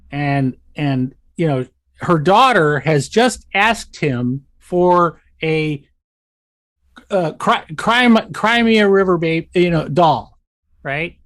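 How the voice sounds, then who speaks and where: An American man in casual podcast conversation, animated and chatty. He tells stories and slips into the voices of the people in them. His sound is dry and close, with no room around it. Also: fairly high pitch, no echo. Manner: animated storyteller, acts out quotes. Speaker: podcast host.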